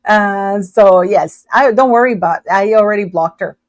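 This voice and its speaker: A woman hosting a livestream, chatting casually and emphatically, speaking loudly on purpose. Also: mid-range voice, normal speed, no echo. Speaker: livestream host. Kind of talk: casual live chat commentary.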